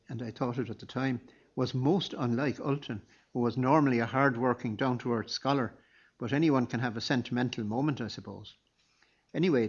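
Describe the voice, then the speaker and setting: A man voicing a thoughtful old abbot who recounts past events in a measured, wry way. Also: medium pitch, husky, lo-fi sound. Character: calm, thoughtful old male abbot telling tales.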